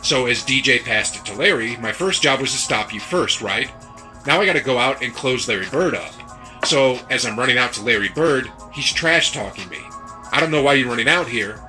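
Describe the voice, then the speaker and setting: A man's voice: medium pitch, expressive, normal speed, sharp tone, soft background music, poor audio. A man, a former basketball player, telling an interview anecdote in a matter-of-fact way.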